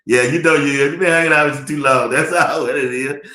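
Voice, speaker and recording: A man's voice: fairly high pitch, steady tone, normal speed, sharp tone. A man hosting a live sports talk stream, laughing often and chatting loosely while reading viewer comments. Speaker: livestream sports talk host. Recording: echoey room.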